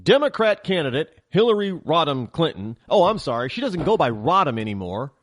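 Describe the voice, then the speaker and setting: A man's voice: on the high side, big pitch swings, fairly quick, no room sound, clean studio sound. A man hosting a political talk show, ranting heatedly in a monologue and often stammering and restarting.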